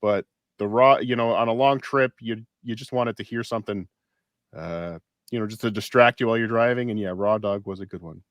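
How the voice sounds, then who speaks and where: A man co-hosting a casual podcast, reading posts aloud in a wry, deadpan way. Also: lowish voice, fairly quick, no room sound. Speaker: podcast co-host.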